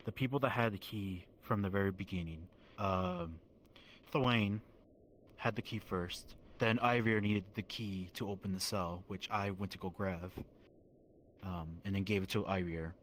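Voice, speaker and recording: A man in character as a witness, recounting events haltingly with many pauses and restarts. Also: deep voice, fairly bright tone, slight background noise. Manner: hesitant, halting, full of ums and restarts. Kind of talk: in-character roleplay testimony.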